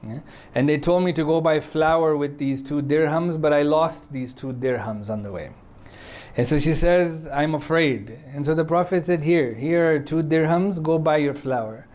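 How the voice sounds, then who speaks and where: Conversational preacher, slightly high voice. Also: male voice, normal speed, a little mellow. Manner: conversational, frequent checking "yeah?" with audience; quotes Arabic passages swiftly. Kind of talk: sermon storytelling.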